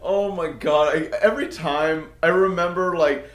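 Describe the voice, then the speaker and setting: A young man with a high voice co-hosts a casual podcast. He swears freely and keeps chiming in with short agreements. The sound is echoey and roomy. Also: normal speed, fairly bright tone. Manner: laid-back, swearing, chimes in with short agreements. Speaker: podcast co-host. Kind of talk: casual storytelling chat.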